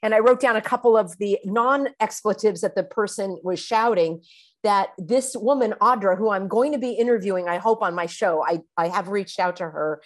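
A woman's voice: mid-range voice, moderate pace. A woman hosting her own show, giving an indignant, emphatic commentary. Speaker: online show host. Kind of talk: commentary monologue.

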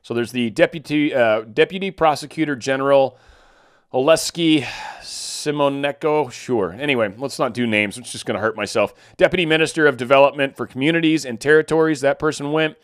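A man runs through the headlines in a loose, casual commentary style and breaks off for sarcastic side remarks. He trips over hard names and laughs at himself. The sound is dry and close, with his voice at an ordinary middle pitch. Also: fairly quick, no room sound. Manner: sarcastic asides, stumbles over foreign names. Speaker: political commentary host.

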